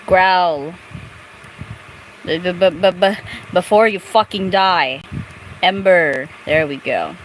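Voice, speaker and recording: Young woman with lively gameplay chatter. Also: lowish voice, takes it slowly, long pauses, a little hiss or hum, low-quality recording. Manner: chatty, crude, talks to the game. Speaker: gameplay streamer. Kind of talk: casual gameplay commentary.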